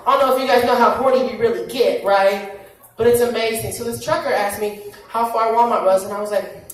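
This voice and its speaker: A woman's voice: mid-range voice, fairly even intonation, brisk. A woman doing a crude, brash stand-up comedy set on a club stage, speaking with a handheld mic. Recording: echoey club from far off, noisy. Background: audience laughter.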